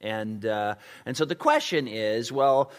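A male pastor preaching in a relaxed, conversational way, full of ums and you-knows, who breaks into acted-out quotes. His voice sits at an ordinary pitch for a man. A long reverb from the hall trails after each phrase. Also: a little slow, clear, resonant tone. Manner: conversational, animated, many fillers, acts out quotes. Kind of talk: sermon with Q&A.

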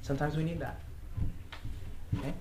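A man's voice: fairly high pitch, steady tone, moderate pace. A man teaching a casual class, reading example phrases aloud and chuckling often. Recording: echoey room with faint noise.

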